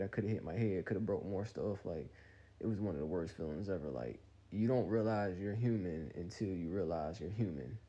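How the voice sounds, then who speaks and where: A man in his twenties tells a rambling, animated storytime full of slang. His voice is low, mellow and a little husky, and he talks quickly. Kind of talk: casual storytime.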